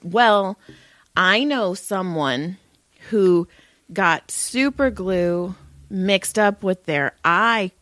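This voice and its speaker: A podcast co-host in her thirties tells stories in casual chat, laughing often and sounding animated. Her voice is medium-pitched and extremely slow, recorded in clean studio quality with no room sound.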